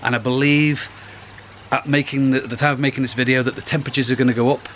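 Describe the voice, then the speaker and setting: Middle-aged guy rambling by his pond outside, mid pitch, bit of faint noise behind. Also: little pitch movement, fast talker, fairly bright tone. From United Kingdom. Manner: rambling and chatty, restarts phrases. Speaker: koi pond vlogger. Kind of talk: casual vlog. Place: outdoors by a garden pond.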